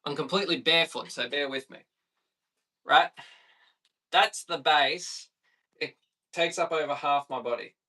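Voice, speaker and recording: An Australian man in his thirties, a bass player chatting easygoing with viewers on a live stream. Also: a little slow, pauses often, sharp tone, far from the mic. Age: 30s. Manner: chatty and easygoing, reading viewer questions aloud.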